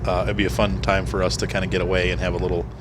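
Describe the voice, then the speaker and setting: A man's voice: low-pitched, level tone, very fast, background noise. A man giving casual commentary while playing a truck game, rambling and chatty as he talks with his small son. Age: adult parent. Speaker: gaming streamer. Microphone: desk microphone.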